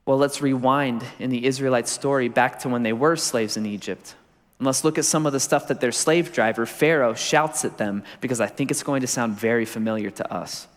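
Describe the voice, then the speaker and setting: Punchy preacher man in a reverberant hall. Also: mid-range voice. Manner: punchy repetition with wry humor. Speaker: pastor. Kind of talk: sermon. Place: large church auditorium. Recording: long reverb of a large hall.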